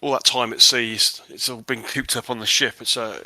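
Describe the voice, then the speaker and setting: A man's voice: medium pitch, fairly even intonation, brisk, sharp tone, no echo, rough recording. A man voicing a sheepish, apologetic sailor who rambles after a long time at sea. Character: sheepish sailor fresh off ship.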